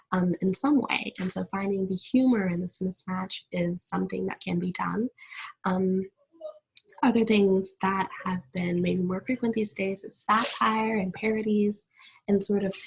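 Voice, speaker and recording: With family in the background at home, an American woman talks casually on her solo podcast, stumbling through fillers and restarts. Her mid-range voice is creaky with a darkish tone, captured on a low-quality, slightly rough recording.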